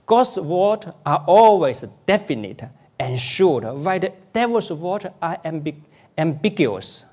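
A male preacher delivers a sermon in an unhurried, measured way. His voice sits a little high for a man. He repeats his main points word for word so they sink in. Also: animated, a little mellow. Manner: deliberate, repeats key phrases for emphasis.

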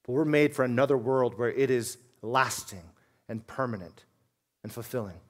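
A man preaching a sermon as a pastor, earnest, dropping to a hush and then rising to loud emphasis. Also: medium pitch, normal speed.

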